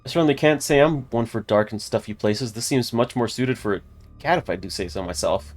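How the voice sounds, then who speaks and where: A man's voice: mid-range voice, a little fast, soft background music, close to an everyday voice. A man voicing a prim female companion who speaks in formal, old-fashioned phrases.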